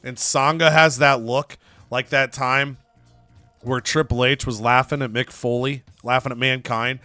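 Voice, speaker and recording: A young adult man hosting and narrating a wrestling game playthrough as an animated storyteller. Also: medium pitch, unhurried, dry recording, faint music behind. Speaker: gaming host.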